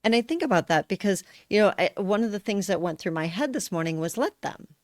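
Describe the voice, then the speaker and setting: A woman's voice: medium pitch, lively intonation, quick pace, darkish tone, no echo, clean studio sound. A woman co-hosting a podcast in casual conversation, reflecting openly on her own experience. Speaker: podcast co-host.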